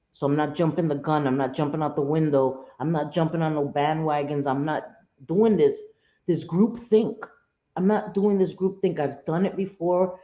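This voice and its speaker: A woman hosts a live stream in a low, mellow voice, chatting casually and bluntly with her viewers. She swears freely and repeats herself to drive points home. The sound is roomy and a little dull. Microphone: home streaming setup.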